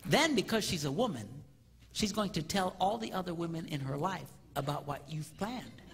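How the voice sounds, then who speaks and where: A man giving a comedic marriage seminar to a live audience, acting out spouses' reactions in an animated, joking way. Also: on the high side, normal speed, creaky. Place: large hall with live audience. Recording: reverberant hall with audience noise.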